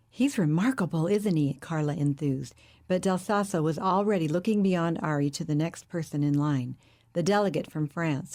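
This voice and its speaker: A woman narrating a novel as an audiobook, with a steady, clear reading manner. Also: low voice.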